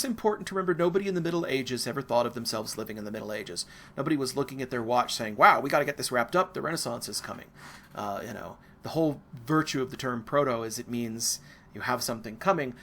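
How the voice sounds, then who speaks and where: A man's voice: medium pitch, slight background noise. An American man giving a casual, digressive art history lecture, full of asides and fillers. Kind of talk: recorded university lecture.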